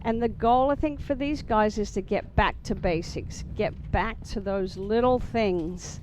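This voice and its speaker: A woman's voice: mid-range voice, unhurried, a little mellow, slight background noise. A woman giving chatty, emphatic sports commentary as a former player. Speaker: color commentator.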